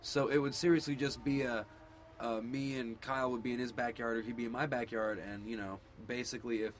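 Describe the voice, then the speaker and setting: A man's voice: mid-range voice, steady tone, fairly quick, slight background noise. A father telling a story in casual chat, laid-back and rambling with lots of fillers. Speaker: parent.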